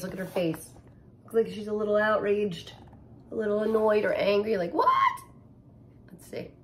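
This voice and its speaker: A woman's voice: medium pitch, creaky, a little hiss or hum. A woman teacher reading a picture book aloud to children, adding sound effects and asking them questions.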